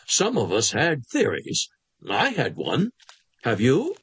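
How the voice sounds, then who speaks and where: A man voicing a calm male physician who questions his patient in a measured, quietly insistent way, with a husky voice. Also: medium pitch, dry recording, full character voice. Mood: probing.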